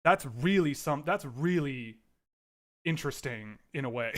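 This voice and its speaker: A man hosting a casual livestream from home, giving rambling, animated commentary with frequent restarts. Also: on the high side, a little slow. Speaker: livestream host.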